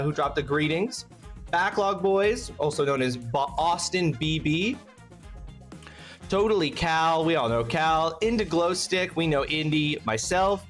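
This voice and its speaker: A man's voice: on the high side, a bit bright. A man hosting a casual charity stream, rambling and thanking his chat by name, snacking between words. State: eating while talking.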